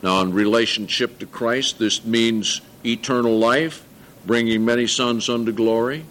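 An older man preaching a sermon to a congregation, earnest, slowing down to stress scripture and correcting himself as he goes. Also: mid-range voice, steady tone, fairly bright tone. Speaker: pastor.

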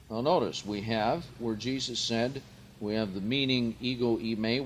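A man preaching a Bible teaching sermon, slow and emphatic, lifting his voice on key words and carefully sounding out Greek phrases. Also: medium pitch, a little hiss or hum.

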